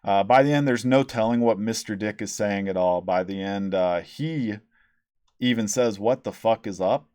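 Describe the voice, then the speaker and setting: A man's voice: lowish voice, darkish tone, no echo, studio quality. A man hosting a casual, profane album review, rambling and sarcastic, with many ums and restarts. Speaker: podcast host reviewing albums.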